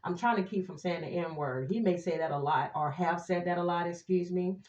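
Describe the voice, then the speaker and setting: A woman gives her viewers a casual tarot reading, chatty and sassy, sometimes breaking into snatches of song. Her voice is fairly low with a darkish tone and a fairly quick pace. The room is echoey and the audio sounds dull.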